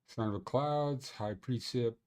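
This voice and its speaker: A man's voice: medium pitch, a little slow, a little mellow, smooth. A man hosting a ski conditions livestream, rambling and joking as he thinks aloud. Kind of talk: casual livestream chat.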